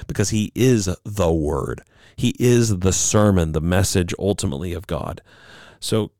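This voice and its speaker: Man, low voice, Bible study teacher, measured emphatic delivery, dry close recording. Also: a little mellow, no echo. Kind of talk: reading a Bible study lesson.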